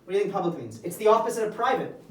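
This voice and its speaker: A man with a fairly high voice teaches a class of young learners, keeping his sentences short and emphatic. He is picked up from across an echoey classroom, with faint room noise behind him. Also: very animated, very fast, fairly bright tone, distant mic. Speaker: English teacher.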